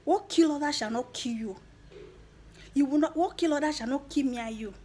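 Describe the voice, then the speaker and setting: A woman's voice: sits high, brisk, a little mellow, slight background noise. A woman with a Nigerian accent giving her viewers an earnest motivational talk, slipping into Pidgin phrases. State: emotional, near tears at the end. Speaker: YouTuber.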